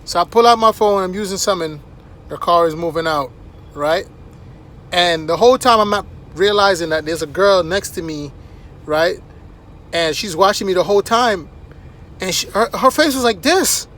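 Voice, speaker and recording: A man with a high voice tells casual anecdotes to camera. He is animated and chatty, and keeps tossing in little checks with the listener. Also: normal speed. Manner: animated, chatty, frequent "right?" asides. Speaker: vlogger.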